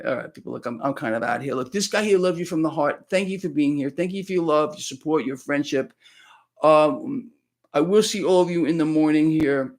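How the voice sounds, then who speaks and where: A man hosting live financial commentary, ranting bluntly at his viewers and calling them "people," with lots of repeated words and restarts. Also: high voice. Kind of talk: live solo market commentary.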